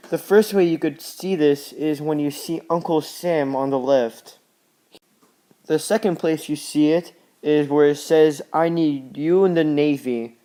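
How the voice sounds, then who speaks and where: A teenage student giving a class presentation on posters, talking in a halting, plain way and often falling back on "pretty much" and "just.". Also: male voice, fairly high pitch, a little mellow. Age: teens.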